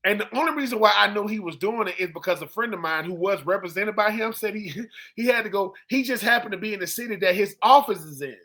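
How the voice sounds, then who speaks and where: A man with a high, bright voice spins a casual story on a sports podcast. He slips into the voices of the people he quotes. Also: fast talker, few pauses. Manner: animated storyteller who acts out quoted people. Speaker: co-host, former football player.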